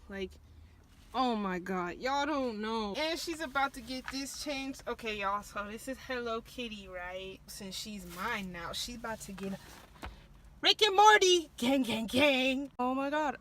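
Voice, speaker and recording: A woman's voice: on the high side, moderate pace, slight background noise. Chatty young woman vlogging on a phone. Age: young adult. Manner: bubbly, chatty, lots of "like" and "y'all". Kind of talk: casual vlog chat. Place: in and around a car, out and about shopping.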